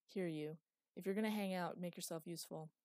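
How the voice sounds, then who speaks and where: A woman's voice: on the low side, brisk, darkish tone, no room sound, clean studio sound, lightly acted. Woman voicing a wry grumbling dad. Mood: wry teasing. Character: weary middle-aged father, dry self-mocking humor.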